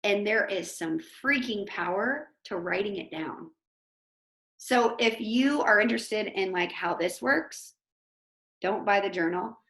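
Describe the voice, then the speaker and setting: A woman teacher giving an informal motivational talk over a video call, chatty and animated, with lots of fillers. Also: medium pitch, measured pace, echoey room. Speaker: host of an online motivation talk.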